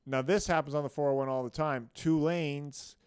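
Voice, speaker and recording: A man's voice: on the high side, steady tone, moderate pace, a little mellow, clear, resonant tone, no echo, studio quality. A man from Canada co-hosting a comedy podcast, teasing his friend and laughing a lot in casual chat. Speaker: podcast co-host.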